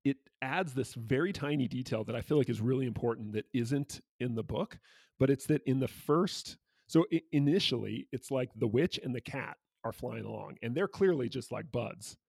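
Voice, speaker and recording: A man's voice: medium pitch, normal speed, vocal fry, darkish tone, husky, no echo. A man co-hosting a podcast, chatting casually about a picture book, laughing often and using many fillers. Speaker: podcast co-host.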